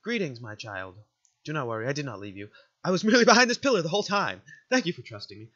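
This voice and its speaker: Man voicing a tender goat mother figure from a video game, soft and formal, bright lively voice, dull lo-fi recording. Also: on the high side, fast talker, heavily acted. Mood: gentle. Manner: soft, formal, doting speech. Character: gentle motherly female goat monster caretaker. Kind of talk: reading game dialogue aloud.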